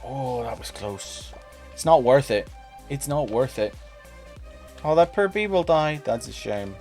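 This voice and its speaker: A man's voice: medium pitch, animated, measured pace, a little mellow, soft background music. A man casually chatting while streaming a game, playful and talkative, teasing the creatures on screen. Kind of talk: casual gameplay stream chat.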